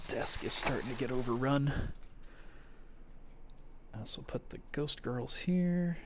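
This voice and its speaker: A man's voice: medium pitch, gravelly. Chatty man opening card packs on stream. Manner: chatty, thinking aloud, quick excited exclamations. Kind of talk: casual live-stream chat.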